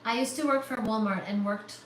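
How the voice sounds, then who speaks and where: Woman livestream host, high and bright, bubbly chat, echoey room, mic at a distance. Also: fairly quick. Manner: bubbly, excitable, squealing thanks. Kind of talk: casual livestream chat reading super chats. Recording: roomy, distant, faint static hiss.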